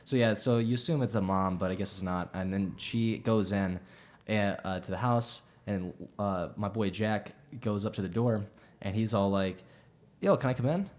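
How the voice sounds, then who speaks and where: A man's voice: lowish voice, steady tone, moderate pace, darkish tone. Rambling, swearing podcast host man. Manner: rambling, swears a lot, restarts. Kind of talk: casual chat retelling a film.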